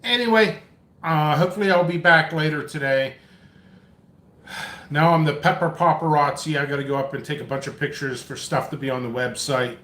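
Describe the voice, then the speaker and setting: Man, vlog host, chatty and scattered, short of breath, pitched a touch high. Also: a little fast, a bit bright, roomy sound. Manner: rambling, coffee-fueled, chatty. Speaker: pepper seed seller and channel host. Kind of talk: casual live-stream chat. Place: indoor home workspace.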